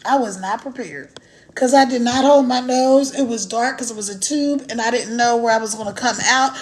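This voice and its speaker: A chatty, animated woman with a high voice talks straight into her phone during a casual livestream. She laughs easily and keeps the energy up as she speaks to her viewers. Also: moderate pace. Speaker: online business promoter. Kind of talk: casual live-stream chat.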